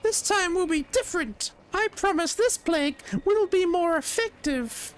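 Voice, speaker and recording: A man voicing a shrill, high-pitched male servant of a dark lord in a strained falsetto, read aloud from a video game. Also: animated, normal speed. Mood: pleading.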